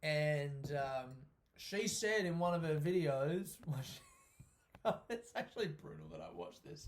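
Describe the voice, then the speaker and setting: Brief: male comedian, solo podcast rant, animated and sweary, voice sits a bit high. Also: a little slow. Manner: animated, heavy swearing, frequent laughter. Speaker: stand-up comedian hosting his own podcast. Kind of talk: casual solo podcast monologue.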